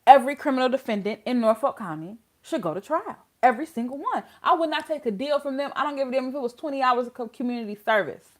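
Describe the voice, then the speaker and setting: Woman, vlog host, blunt, swears casually, loud outbursts then quiet asides, high bouncy voice. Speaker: host of a legal commentary channel.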